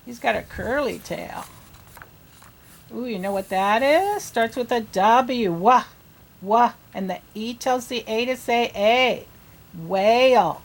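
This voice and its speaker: A woman reading teacher leads an early reading lesson for young children. Her voice sits high and she speaks slowly, stretching out each letter sound. She keeps asking the kids encouraging questions. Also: lively intonation. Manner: slow, sounding out letters and words.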